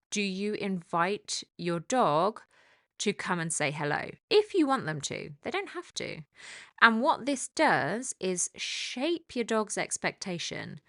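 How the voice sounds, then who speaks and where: A woman dog trainer talks through her advice in a calm, explanatory way, her voice sitting a little low. The sound is dry and close, with no room around it. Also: no echo. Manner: calm, explanatory, lively when acting out the dog. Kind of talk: instructional talk.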